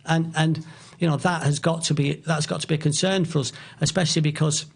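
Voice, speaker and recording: Gravelly-voiced man, halting. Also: a little high, fairly even intonation. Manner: halting, many restarts, opinionated. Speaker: guest, football author. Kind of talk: casual podcast chat.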